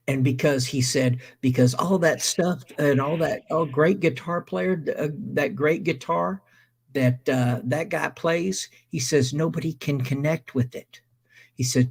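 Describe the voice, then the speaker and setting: A man's voice: mid-range voice, normal speed, slightly rough. A man hosting a stream, casually telling a long anecdote and acting out the people in it. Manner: animated anecdote teller, acts out quoted voices. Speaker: stream host. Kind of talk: casual storytelling.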